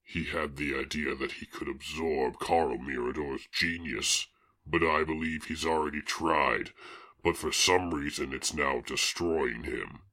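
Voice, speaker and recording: A man voicing a grave swamp monster hero, speaking in a very deep, rumbling voice with slow, solemn delivery. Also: fairly even intonation, bright, forceful tone, exaggerated voice. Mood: pleading.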